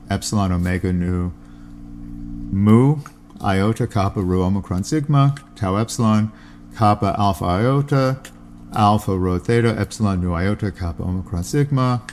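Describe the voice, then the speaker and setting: Reading aloud from a classical text on his podcast, the male host interjects plain asides and spells Greek words out letter by letter. His voice is fairly low and darkish in tone, and a slight hiss or hum can be heard.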